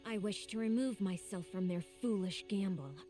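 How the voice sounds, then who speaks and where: A woman's voice: medium pitch, moderate pace, mellow, faint music behind, lightly acted. An actress playing a cold, proud noblewoman turned traitor in a game, with formal, haughty diction. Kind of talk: game voice acting.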